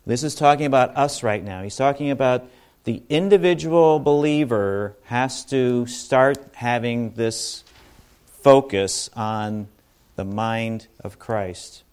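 A man's voice: medium pitch, takes it slowly, darkish tone, clear, resonant tone. A man giving an informal sermon to a congregation, talking conversationally with asides and restarts. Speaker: bible teacher.

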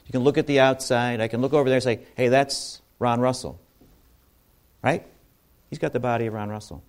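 Man, informal sermon, conversational, restarts, asides to congregation, mid pitch. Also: fairly even intonation, fairly quick. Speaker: bible teacher.

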